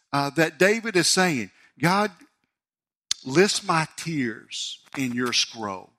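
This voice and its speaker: A man, preaching a sermon as a pastor and telling a personal story with animated delivery. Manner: storytelling, animated, voice rising high when excited.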